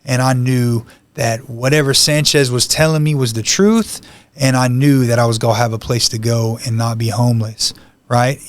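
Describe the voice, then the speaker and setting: A man, a podcast guest, telling his life story in an earnest, conversational way with many "you know" asides. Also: mid-range voice. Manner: emotional, heartfelt retelling. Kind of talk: personal testimony storytelling.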